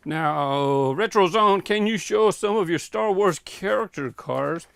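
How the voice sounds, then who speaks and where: A man with a slightly high, gravelly voice talks casually as he wanders his home warehouse, pausing often with fillers as he thinks aloud. He rambles from shelf to shelf, a little short of breath. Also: fairly bright tone, a little hiss or hum. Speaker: toy car collector vlogger. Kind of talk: casual walk-through vlog.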